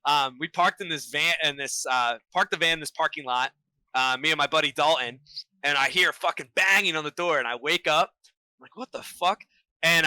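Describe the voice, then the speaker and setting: A man chatting casually as a podcast guest, telling a story with lots of profanity and slang and plenty of excitement. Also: a little high, smooth, dry recording, poor audio.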